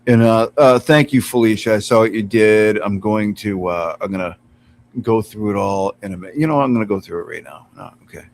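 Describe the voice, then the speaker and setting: Brief: male streamer, low-pitched, loose and laughing, cooing to his cat, computer mic at a distance, faint hum behind. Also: a little fast. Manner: chatty, laughs often, coos at his cat. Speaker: live streamer. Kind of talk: casual live-stream chat. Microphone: computer mic some distance away.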